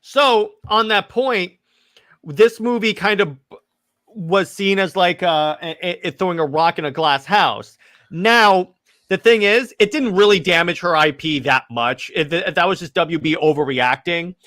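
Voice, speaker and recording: A man co-hosting a podcast, talking excitedly in casual chat, rambling with lots of restarts and stammers. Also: high voice, measured pace. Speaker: podcast co-host.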